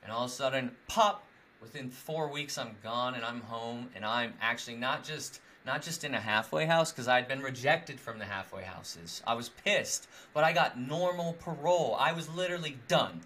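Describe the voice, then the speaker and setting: A man's voice: medium pitch, moderate pace, sharp tone. A young man in casual conversation, rambling with many fillers and frequent laughs. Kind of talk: casual chat.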